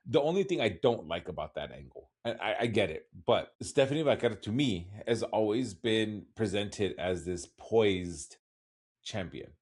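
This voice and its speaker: A man in casual podcast conversation, rambling along with a wry laugh here and there. His voice sits a little low for a man. The delivery is loose and conversational. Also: lively intonation, normal speed, a little mellow. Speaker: podcast co-host. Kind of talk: casual recap chat.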